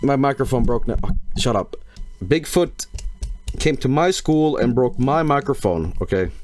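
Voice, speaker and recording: A male streamer reacting to videos live. He jokes, laughs loudly and breaks into exclamations. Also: mid-range voice, expressive, moderate pace. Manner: loud laughing outbursts, joking and exclaiming.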